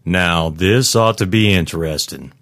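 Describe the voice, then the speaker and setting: A man voicing a lackadaisical, grim security chief in a storybook reading, speaking flatly and matter-of-factly. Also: sits low, a little slow, dry recording, clean studio sound. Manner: flat, matter-of-fact. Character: laid-back middle-aged male security chief, grim and knowing.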